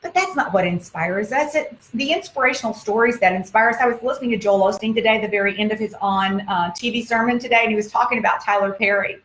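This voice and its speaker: A woman's voice: fairly high pitch, fast, hardly any pauses, fairly bright tone, slight background noise. Emphatic woman motivational speaker, roomy sound. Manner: emphatic, repetitive, exhortative. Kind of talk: motivational talk. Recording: roomy echo.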